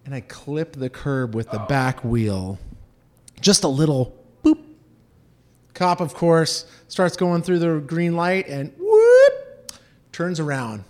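Brief: man from Southern California, storyteller, slightly high voice, very lively delivery. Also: takes it slowly, pauses often. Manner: animated, acts out quoted voices. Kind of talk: personal storytelling.

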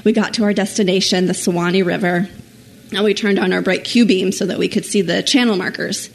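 A woman telling a personal story to an audience in an animated, self-mocking way, laughing at herself as she goes. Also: mid-range voice, a little fast, vocal fry.

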